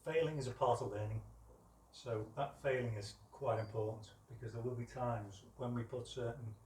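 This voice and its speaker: A man teaching dog training outdoors, explaining calmly between high, sharp commands to his dog. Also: moderate pace, slight background noise. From United Kingdom. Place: outdoors with ambient noise. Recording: roomy, distant from the mic, faint ambience.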